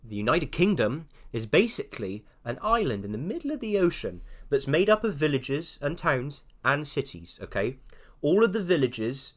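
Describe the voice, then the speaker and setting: A man's voice: mid-range voice, sing-song, normal speed. A man from England with a standard southern English accent, judging an art contest and chatting in a teasing, sarcastic way. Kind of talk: casual chat.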